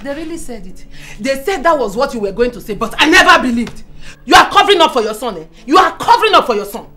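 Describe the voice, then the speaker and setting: A woman's voice: high-pitched, big pitch swings, fast, sharp tone, full character voice. A woman with a Nigerian accent playing a combative, scornful middle-aged mother from Edo in a Nollywood film. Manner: combative, scornful, repeats her taunts. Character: loud, fiery Bini mother defending her daughter.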